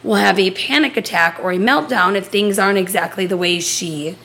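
A woman's voice: medium pitch, brisk, gravelly. A woman in her thirties, a podcast co-host telling a casual story, acting out the dialogue with casual swearing. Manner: animated, acts out quoted dialogue.

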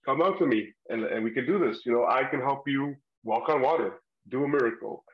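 A man voicing a patient male teacher who coaxes and gently chides, close to his own voice. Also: mid-range voice, a little fast, husky, lightly acted. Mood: reassuring. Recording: slightly muffled lo-fi audio.

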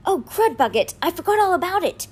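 A woman voicing an eager, cocky young boy who talks in a raised, excited voice. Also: high voice, fast talker, voice pushed up.

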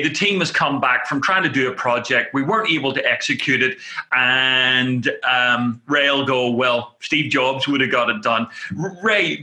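A man interviewing, telling a relaxed story with small restarts. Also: mid-range voice, reverberant. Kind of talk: conversational interview.

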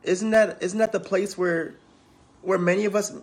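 A man's voice: sits high, steady tone, moderate pace. A man preaching, reading scripture aloud and talking to the congregation in a conversational way. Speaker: preacher and counselor in training.

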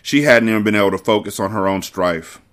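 A man hosting a book podcast, reading a novel aloud with measured, expressive narration. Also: on the low side.

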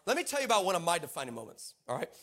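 A male preacher with a fairly high voice delivers a lively, comic story in church. He is playful and quick to tease his listeners, and his energy keeps rising and falling as he tells it. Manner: animated, playful, teasing the congregation.

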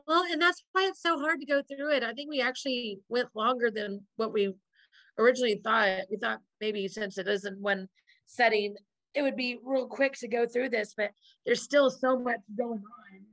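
A woman's voice: a little high, normal speed, fairly bright tone, no room sound. A woman co-hosting a podcast, retelling a sitcom episode in a casual, rambling way with lots of laughter. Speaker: podcast co-host.

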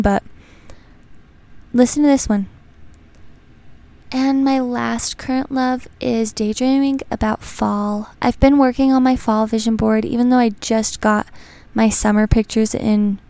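A young woman hosting a podcast in casual chat, rambling happily through personal stories. Her voice sits a little high, with plenty of gravelly fry, yet stays smooth and clear. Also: darkish tone, dry recording. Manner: chatty, rambling storyteller. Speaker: podcast host.

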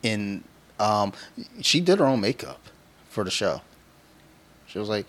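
Rambling crude-talking man, low voice. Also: lively intonation, normal speed, fairly bright tone. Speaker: podcast co-host. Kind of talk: casual chat.

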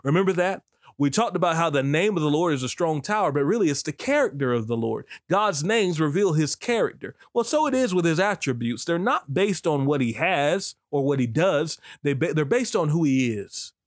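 Male podcast preacher, fairly high voice, bursts of whooping excitement, dry close recording. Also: moderate pace, dry recording. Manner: exclamatory, preaching cadence with sudden high whoops.

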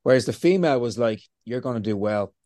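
A man being interviewed, telling lively stories, swearing freely and acting out what he said to himself. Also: mid-range voice, fast talker, no echo, clean studio sound. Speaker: interview guest. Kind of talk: casual storytelling.

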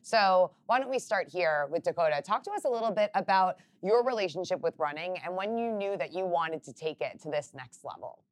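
A woman's voice: on the low side, expressive, brisk, few pauses. A woman hosting a live panel chat, upbeat and conversational as she guides the questions. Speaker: host. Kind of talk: panel interview.

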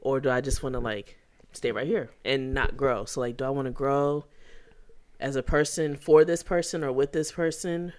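A man's voice: medium pitch, steady tone, moderate pace. A man in casual chat, talking reflectively about relationships with many filler words. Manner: reflective, heavy use of "like".

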